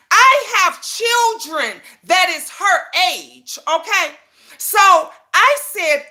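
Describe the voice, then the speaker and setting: A woman's voice: high-pitched, sharp tone. A woman in her fifties, a YouTube commentator, ranting to viewers in a profane, emphatic, confrontational way, often asking if they understand her. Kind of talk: heated personal rant to viewers.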